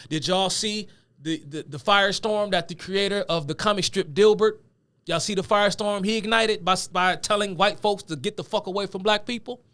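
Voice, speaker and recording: A man's voice: sits high, moderate pace, sharp tone, clean tone. A man giving lecture-style video commentary as a political commentator, emphatic and conversational with casual slang.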